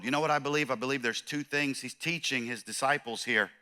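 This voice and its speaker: Bright-voiced man preaching a sermon. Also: mid-range voice, a little fast, few pauses, smooth. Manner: storytelling, animated, self-deprecating, with restarts. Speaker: pastor. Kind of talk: conversational sermon. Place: church.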